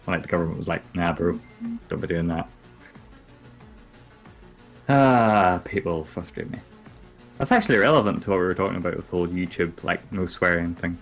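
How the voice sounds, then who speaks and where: A man's voice: sits low, quick pace, soft background music. A young man co-hosting a casual chat, laid-back and sweary. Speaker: podcast co-host.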